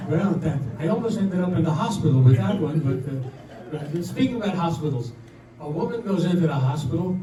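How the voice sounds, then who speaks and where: In a senior residence community room, an older man tells stand-up style jokes, chatty and pushing toward each punchline while laughing at his own material. His high, sing-song voice moves at a moderate pace, picked up by a distant mic in an echoey room with background noise.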